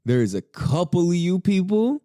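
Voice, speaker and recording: At a normal speed, a male podcast host tells a lively story laced with profanity. When he quotes his own thinking, his voice jumps up. The studio sound is clean, with no echo.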